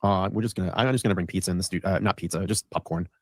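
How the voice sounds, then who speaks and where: A man's voice: low-pitched, steady tone, rapid-fire, dry recording, studio quality. A man hosting a show, telling a long rambling story in casual chat and acting out what people said. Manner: rambling, acts out quoted lines. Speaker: host. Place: studio.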